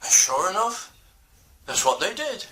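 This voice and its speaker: Slow, bright-voiced male storyteller. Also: sits high, big pitch swings, a little hiss or hum. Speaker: storyteller, minister. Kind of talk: reading a children's story.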